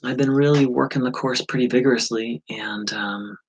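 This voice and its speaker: A man from the USA talking through a personal spiritual insight, halting, with many fillers and restarts. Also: medium pitch, fairly even intonation, slightly rough, low-quality recording. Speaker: spiritual teacher. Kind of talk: reflective spiritual vlog.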